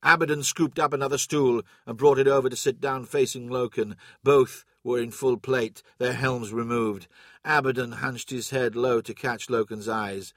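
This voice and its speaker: A man narrates a scripted audiobook, telling the story in a steady, even manner. His voice is medium-pitched at a normal speed, recorded dry with clean studio sound.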